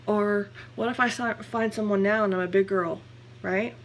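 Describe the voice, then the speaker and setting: A woman's voice: medium pitch, steady tone, normal speed, slight background noise. A young woman talks candidly in a personal vlog. She rambles and corrects herself. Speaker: vlogger.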